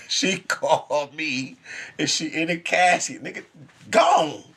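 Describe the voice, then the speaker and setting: A man's voice: fairly high pitch, a little slow, bright, forceful tone. A man speaking in an intense, profane, rambling spiritual monologue, laughing often.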